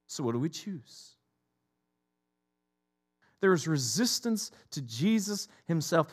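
A man's voice: mid-range voice, darkish tone. A middle-aged man preaching a sermon as a pastor, emphatic and repetitive in his delivery.

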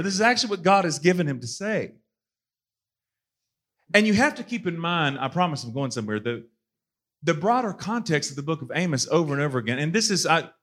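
Animated preacher, higher voice. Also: male voice. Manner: animated preaching, acting out scripture in a casual voice. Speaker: pastor. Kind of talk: sermon.

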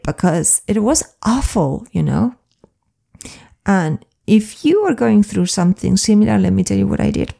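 A woman speaks with a strongly creaky, fry-laden voice that sits warm and mellow. She talks as a coach in a soft, earnest, confiding personal monologue, as if opening up to a close listener. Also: medium pitch. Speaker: flow coach.

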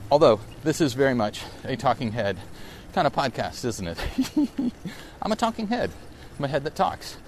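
A man's voice: medium pitch, very animated, normal speed. Middle-aged male podcast host, mid-range voice, musing aloud outdoors with light traffic noise around him. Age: 40s. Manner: rambling, reflective and self-correcting. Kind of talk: casual solo podcast monologue. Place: outdoors on a bike ride through a park.

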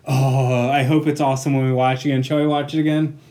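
An American man co-hosting a podcast in casual chat, loud and excitable and laughing often. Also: mid-range voice, quick pace. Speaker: podcast co-host.

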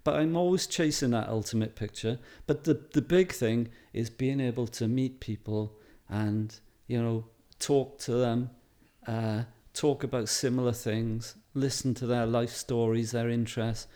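A man's voice: medium pitch, fairly even intonation, a little slow, few pauses, warm tone. A middle-aged Welsh man, a photographer, chatting in an interview and telling stories with fillers and frequent laughs. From Wales. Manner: chatty, anecdotal, laughs often, many fillers. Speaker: photographer guest. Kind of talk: casual interview chat.

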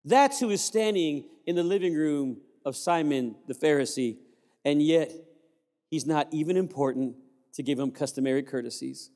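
A male pastor preaching a sermon, telling the story with lively humor and playful asides. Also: a little high, moderate pace. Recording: long hall reverb.

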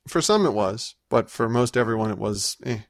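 A man's voice: on the low side, lively intonation, moderate pace, dry recording. Male co-host, easygoing rambling chat, dry and close. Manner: rambling, with frequent restarts and laughs. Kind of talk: casual chat recounting a convention trip.

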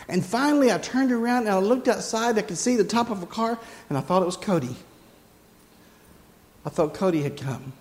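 A man's voice: high-pitched, lively intonation, brisk, darkish tone, big-room sound. A middle-aged man, preaching a sermon as pastor and telling a story with emphatic repeated phrases.

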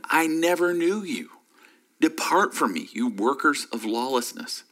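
Bright-voiced conversational preacher, a man. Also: fairly high pitch. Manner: conversational, full of "you know" and "right?". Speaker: pastor. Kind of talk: sermon.

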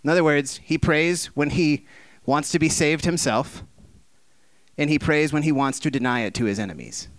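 At a normal speed and recorded with no echo, a man preaches an impassioned, conversational sermon. He fires off rhetorical questions and acts out the voices he quotes with big swings in pitch and volume.

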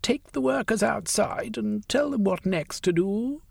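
A man doing a ruthless woman rebel, pitched well above his own voice, for an audiobook. Her delivery is clipped, cold and commanding, with a husky edge and dry, close sound. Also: animated, measured pace, a little mellow, dry recording, heavily acted. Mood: contemptuous.

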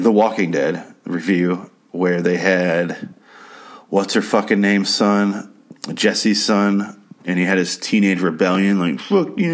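A man recapping and reviewing a TV episode in a casual, profane, sarcastic and rambling way. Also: low-pitched.

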